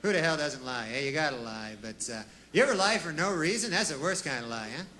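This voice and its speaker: A man delivering a stand-up comedy monologue with a deadpan, rambling manner, tossing in asides and folksy fillers. His voice is bright and sits slightly high. A faint ambience is heard behind him. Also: fast talker, slight background noise. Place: comedy stage with a live audience.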